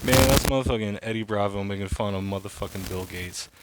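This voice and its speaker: A man in his thirties hosts a casual solo podcast, talking fast in a lowish voice over heavy background noise. He rambles, swears freely, and uses lots of fillers.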